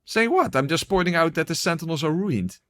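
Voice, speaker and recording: A man's voice: fairly high pitch, expressive, a little fast, no room sound. A man giving casual gameplay commentary and voice-over narration, exclamatory, swearing, with wry asides.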